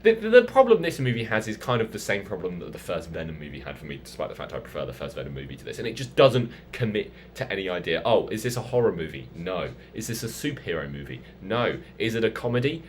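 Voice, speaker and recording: A young man with a deep, low-pitched voice rants through a casual film review vlog. He swings into exasperated mock outbursts, and a faint hum of room ambience sits behind him. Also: very animated, fast, few pauses.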